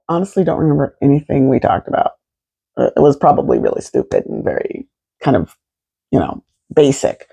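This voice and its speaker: A woman in her fifties telling a personal story to camera in an animated, expressive way, swearing freely. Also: lowish voice, gravelly. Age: 50s. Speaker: vlogger.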